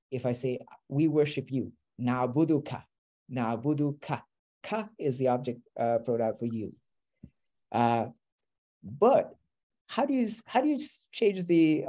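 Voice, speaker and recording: Man, teacher, mellow tone, patient step-by-step explaining, online class. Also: mid-range voice. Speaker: Arabic teacher.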